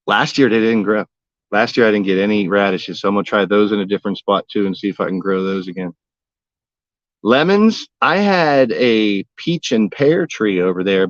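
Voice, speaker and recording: A gardening vlogger streams live from his backyard, chatting casually in a folksy, meandering way and joking with old sayings. The man's voice is on the low side, and the recording is dry and dull.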